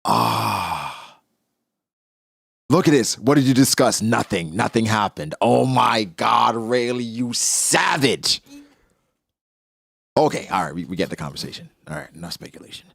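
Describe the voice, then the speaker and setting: A man giving casual, excitable reaction commentary on a manga chapter, exclaiming and joking as he reads. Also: lowish voice, measured pace, vocal fry, long pauses, dry recording, studio quality.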